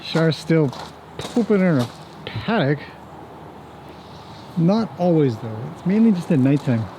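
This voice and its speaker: A chatty man with a slightly raised pitch, vlogging as he walks round a rural farm. He talks easily to the camera and fondly to the animals. Faint outdoor noise sits behind him. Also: expressive, slow pace. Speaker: horse trainer vlogger. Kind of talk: casual walk-and-talk vlog.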